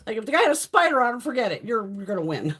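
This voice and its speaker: This middle-aged livestream host has a slightly high, somewhat bright voice with a breathy edge. She talks casually and bluntly, heavy on the swearing, telling stories and reading viewer comments aloud to answer them.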